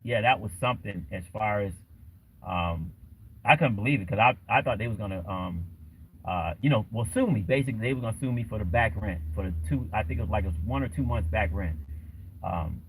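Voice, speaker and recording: A man's voice: fairly low pitch, a little fast, a little hiss or hum, poor audio. A man hosting a casual livestream, talking in a rambling way with lots of fillers. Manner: rambling, many fillers and restarts. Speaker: livestream host.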